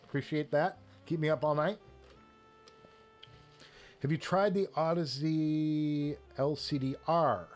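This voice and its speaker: A man's voice: fairly high pitch, fairly even intonation, slow pace, pauses often, soft background music. A man hosting a casual live stream, rambling with restarts and short laughs as he talks about headphones and reads the chat.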